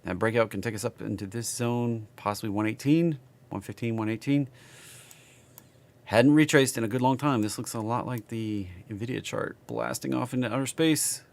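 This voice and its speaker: Gravelly Southern man talking charts. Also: mid-range voice, fairly even intonation, normal speed. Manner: casual, chatty, reacting to viewers while reading charts. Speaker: stock market streamer. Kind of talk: live chart analysis stream.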